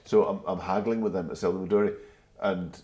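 A man with a gentle, slightly anglicised Glasgow accent, chatting as a guest and telling anecdotes. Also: sits low, fairly even intonation, brisk, muffled recording. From Glasgow, Scotland. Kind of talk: casual interview chat.

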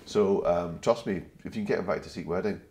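Deep-voiced man with a soft Glasgow accent. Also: fairly quick. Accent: gentle Glasgow, slightly anglicised. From Glasgow, Scotland. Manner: chatty anecdotal storyteller. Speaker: guest. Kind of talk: casual interview chat.

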